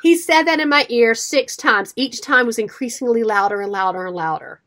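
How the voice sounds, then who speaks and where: This high-voiced, middle-aged radio co-host speaks at a normal speed in easygoing conversation. Her storytelling is lively, and she fully acts out each quote.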